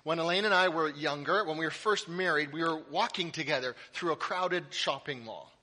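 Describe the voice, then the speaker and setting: A middle-aged man delivering a sermon with a high, bright and forceful voice. He tells stories in a lively way and makes playful asides. His voice carries a long reverb through a church hall. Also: normal speed. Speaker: pastor. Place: church sanctuary.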